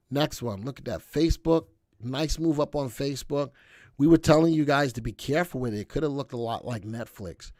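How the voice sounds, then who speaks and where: Guy doing a live stock analysis stream, talks fast and chatty, keeps going "all right?", dry close sound, middle pitch. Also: dry recording. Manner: chatty and energetic, often checking in with "all right?". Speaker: stock market show host.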